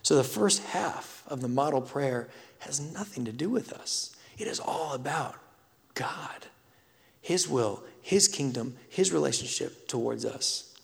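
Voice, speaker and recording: A pastor giving a sermon, telling a story with emphatic swells and hushed drops. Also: male voice, medium pitch, lively intonation, unhurried, creaky, in a large hall.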